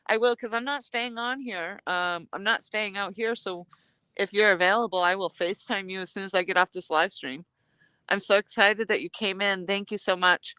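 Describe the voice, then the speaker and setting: Holding her phone out at arm's length on a cold outdoor dock, a woman runs a casual fishing live stream, sniffly and rambling as she says hi to viewers. Her medium-pitched voice moves at a moderate pace, pushed and bright, clean with no room sound.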